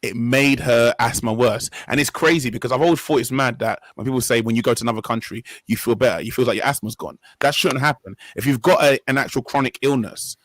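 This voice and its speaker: A man's voice: medium pitch, quick pace, hardly any pauses, a bit bright, no room sound, poor audio. A young man hosting a casual discussion, talking in an earnest, rambling way and often correcting himself mid-sentence. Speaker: podcast host.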